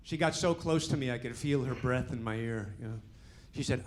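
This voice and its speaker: A man's voice: medium pitch, brisk, hardly any pauses. Punchy stand-up comic in his sixties. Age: 60s. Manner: punchy joke delivery with "you know" tags. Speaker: stand-up comedian. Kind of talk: stand-up comedy set. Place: comedy club stage.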